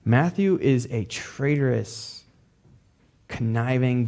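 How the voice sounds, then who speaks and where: A man's voice: mid-range voice, normal speed, vocal fry, mellow, husky. A man pastor preaching a sermon in a loose, conversational way, dropping casual fillers.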